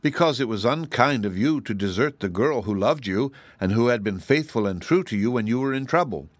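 A man's voice: mid-range voice, animated, a little fast, no room sound, close to an everyday voice. A man voicing an eager, frank young male wanderer in an audiobook, speaking in a musing, earnest way. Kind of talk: audiobook character reading.

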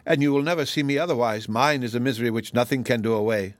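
A man voicing a grief-stricken young woman in an audiobook, pleading and anguished, a little higher than his own voice. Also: quick pace, no echo, clean studio sound, natural voice. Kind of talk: audiobook character voice.

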